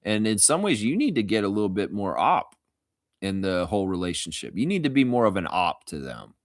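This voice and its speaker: A man's voice: on the low side, big pitch swings, fairly quick, no room sound, studio quality. A man hosting a casual live stream, reading chat comments and rambling with jokes and laughter.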